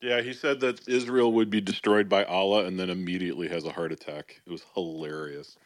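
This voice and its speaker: A man's voice: sits low, steady tone, brisk, dry recording. A man co-hosting an online chat, talking casually with many fillers. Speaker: podcast co-host.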